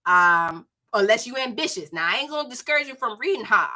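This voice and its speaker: A woman with a Southern accent reviewing books in a casual, animated chat, addressing viewers as y'all. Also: fairly high pitch, brisk. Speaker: book reviewer.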